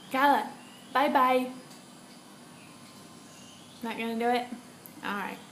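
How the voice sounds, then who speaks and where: A young woman at home, a mother coaxing her toddler to talk in slow, sing-song baby talk with soft laughs. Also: sits high, slight background noise.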